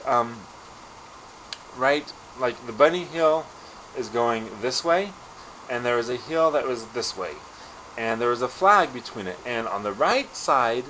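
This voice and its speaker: Bright-voiced man telling a vlog story. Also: mid-range voice, slight background noise, poor audio. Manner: animated, self-deprecating storyteller. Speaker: vlogger.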